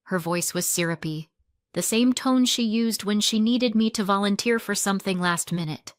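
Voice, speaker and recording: A woman narrating a family story in the first person, restrained and wounded, often flat. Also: mid-range voice, moderate pace, no echo, studio quality.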